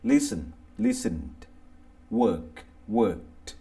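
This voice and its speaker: A man with a Thai accent reading an English grammar lesson, going deliberately through lists of verbs one by one. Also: low voice, expressive, warm tone. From Thailand. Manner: slow, deliberate, reads word lists aloud one by one. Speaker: English teacher. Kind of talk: slow scripted grammar lesson.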